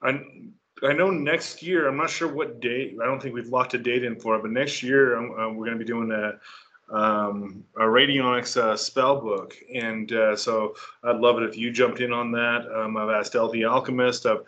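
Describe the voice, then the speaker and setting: A man's voice: medium pitch, fairly even intonation, moderate pace, a bit bright. A man hosts a loose interview, stumbling and repeating words while he searches for what to say. His voice sits mid-range, and the call comes through dull and muffled. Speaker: podcast host. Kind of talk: casual interview.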